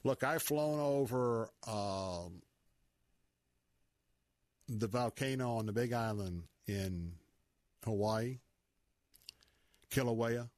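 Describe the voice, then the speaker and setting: A man's voice: mid-range voice, extremely slow, long pauses, a little mellow, no echo, clean studio sound. A man with a Southern accent hosting a Christian talk radio show, speaking in a folksy, preachy, conversational way.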